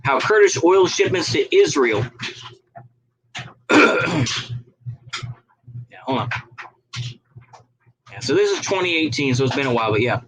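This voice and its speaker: Husky man ranting, profane vlogger. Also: on the high side, expressive, measured pace, pauses often, fairly bright tone, low-quality recording. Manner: profane, heated, stops to read articles aloud. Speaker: political video blogger. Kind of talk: casual rant.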